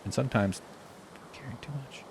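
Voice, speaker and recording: A man telling a rambling story while playing a game, swearing freely and doing loud impressions. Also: mid-range voice, moderate pace, creaky, a little hiss or hum. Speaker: streamer. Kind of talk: casual gameplay commentary. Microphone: desk mic with face cam.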